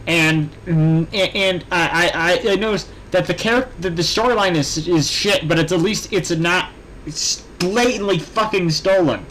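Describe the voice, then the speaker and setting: Young male co-host, casual commentary, halting reader who restarts often; a bit high-pitched, faint background hiss. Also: a bit bright, low-quality recording. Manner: stumbling, halting reading with many fillers and restarts. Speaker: podcast co-host. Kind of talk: casual commentary, reading fan fiction aloud.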